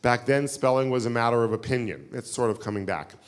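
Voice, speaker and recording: A man's voice: mid-range voice, fast. A man giving a keynote lecture, telling stories in a chatty, self-deprecating way with lots of fillers. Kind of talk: live lecture with audience questions. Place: synagogue hall. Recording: reverberant hall.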